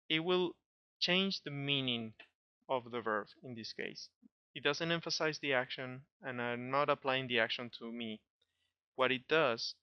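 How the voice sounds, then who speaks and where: Male teacher, patient grammar explanation, smooth voice, dry close sound, slightly lo-fi. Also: mid-range voice, no room sound. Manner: patient, checks understanding with frequent "okay?". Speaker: Spanish teacher.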